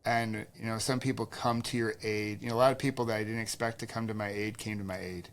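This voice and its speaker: A man's voice: lowish voice, fairly even intonation, fast talker. A man hosting a podcast, asking thoughtful, empathetic questions and sharing his own experience. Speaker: podcast host. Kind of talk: interviewing, conversational.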